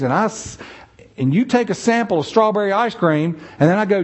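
A man preaching a sermon in a church, animated and acting out the voices of the people he quotes. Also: sits high, moderate pace.

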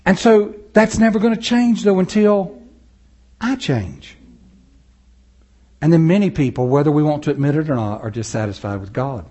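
A man preaching a sermon, moving between loud, rising passages and low, slow, soft ones, chuckling often. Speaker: pastor.

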